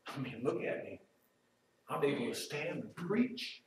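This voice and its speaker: A man preaching a sermon, turning loud and emphatic as he quotes, then dropping quiet and slow to reflect. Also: medium pitch, sing-song, slight background noise. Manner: emphatic, rises loud when quoting Job, drops quiet and slow to reflect. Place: church sanctuary. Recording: very echoey room, voice from far off.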